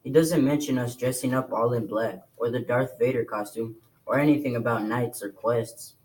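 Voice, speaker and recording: A man with a mid-pitched voice reads a novel aloud for a class. He narrates in a steady, plain manner, without flourishes. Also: moderate pace, poor audio. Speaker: reader.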